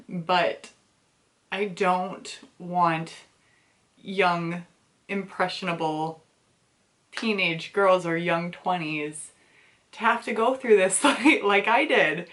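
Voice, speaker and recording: A woman's voice: lowish voice, fairly bright tone. A young woman hosting a book club discussion, talking candidly and emotionally about a novel, often breaking into laughter. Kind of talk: casual book review.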